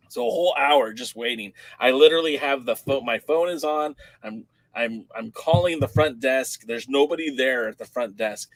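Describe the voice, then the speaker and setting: A man co-hosting a wrestling chat podcast, his pitch sitting in a middle range. He tells stories with a lot of energy and acts out the voices of the people in them. The sound is dry, with no room around it. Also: no room sound, rough recording. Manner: animated storyteller, acts out quoted voices. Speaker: podcast co-host.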